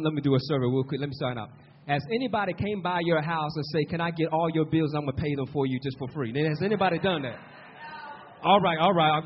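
A man's voice: high voice, slight background noise. A man preaching a sermon, repeating words for emphasis and calling out to the congregation. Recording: muffled lo-fi sermon recording.

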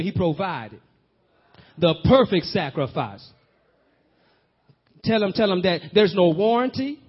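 A man preaching a sermon, urging his congregation to answer back and building his points with rhythmic repetition. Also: high voice. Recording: dull lo-fi recording.

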